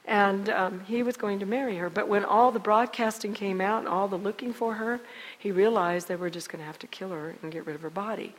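A middle-aged woman shares an emotional testimony in the earnest, dramatic way of a church storyteller, breaking off and restarting her sentences as she goes. Her voice sits at an ordinary woman's pitch. A long reverb trails behind it, as in a large hall. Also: fairly even intonation, a little fast. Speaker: speaker giving a testimony.

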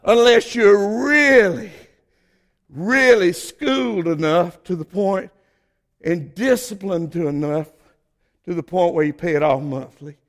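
High-voiced Southern preacher man. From Southern United States. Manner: fervent, folksy preaching with emphatic drawn-out peaks. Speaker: pastor. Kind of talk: sermon.

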